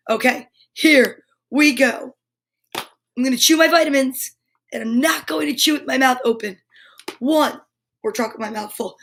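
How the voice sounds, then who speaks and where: A woman's voice: high voice, a bit bright. A middle-aged woman hosting a live kids' show, chatting with viewers in a bubbly, playful and silly way. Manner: chatty, addresses viewers directly. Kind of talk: live-stream chat with viewers' comments.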